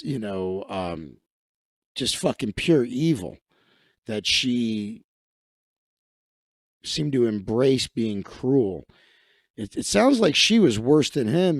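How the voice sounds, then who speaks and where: A man's voice: medium pitch, a little mellow, dry recording, clean studio sound. A man hosting a casual comedic livestream, riffing crudely and sarcastically on news clips. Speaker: livestream host.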